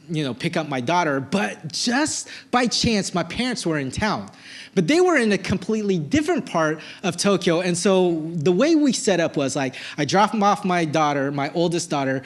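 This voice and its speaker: A male pastor preaching a sermon, telling a personal story in a casual, animated way with plenty of filler words. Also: sits high. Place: church service.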